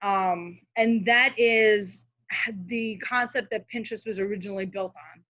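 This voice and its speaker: A woman's voice: mid-range voice, steady tone, a little slow, a bit bright, no echo, lo-fi sound. A woman speaking as a guest social media manager, giving casual, practical tips on a live video call with many fillers and asides.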